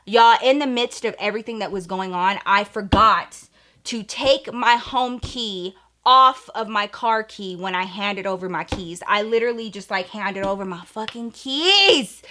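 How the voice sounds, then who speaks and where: A woman's voice: medium pitch, bright, forceful tone. A woman vlogger telling a story in a casual, profane, chatty way, talking straight to her viewers.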